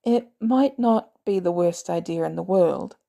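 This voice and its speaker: A woman voicing a gruff, guarded adult man who is protective, talking bluntly in clipped lines with swearing. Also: lowish voice, measured pace, dark tone. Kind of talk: fan audiobook reading.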